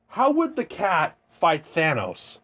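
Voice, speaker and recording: A young man with a fairly high voice, rambling through a fan scenario in a loose, unscripted way. He restarts sentences often and keeps a casual tone. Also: huge pitch swings, slow pace, pushed and bright. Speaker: video creator.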